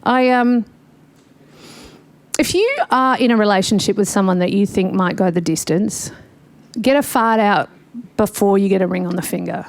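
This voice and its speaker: A woman's voice: medium pitch, moderate pace, creaky, no room sound. A woman doing a stand-up comedy set, chatty and self-mocking, often laughing at her own jokes. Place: livestreamed gig.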